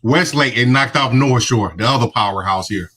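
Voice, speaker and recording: A man co-hosting a casual sports chat, dropping quick teasing quips. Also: medium pitch, a bit bright. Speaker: sports podcast co-host.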